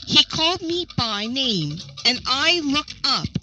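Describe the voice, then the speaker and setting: A woman reading the lines of a gentle, sorrowful young male giant in a slow, ponderous storybook tone. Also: sits high, very animated, background noise, exaggerated voice. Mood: mournful. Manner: ponderous but not unpleasant tone.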